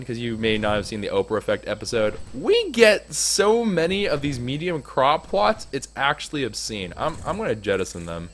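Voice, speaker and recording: Young man, gaming commentary, very lively pitch, casual joking, faint background noise. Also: normal speed, hardly any pauses. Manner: animated, joking, swings to loud pleading. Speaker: gaming YouTuber.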